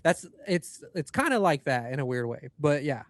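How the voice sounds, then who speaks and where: A man's voice: a little high, very animated, normal speed, dry recording. A man co-hosting a paranormal podcast, chatting casually and rambling through loose asides. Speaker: podcast co-host. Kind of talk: casual chat.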